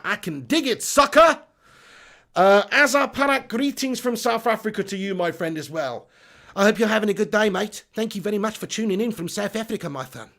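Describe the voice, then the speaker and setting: A man's voice: high-pitched, vocal fry. A man hosting a football live stream, reading out chat comments in an upbeat, chatty way and laughing at himself.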